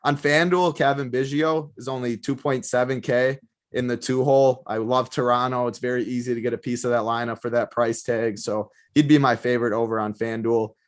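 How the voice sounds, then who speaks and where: A man giving fantasy sports picks in casual talk, matter-of-fact and brisk. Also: mid-range voice, fairly even intonation.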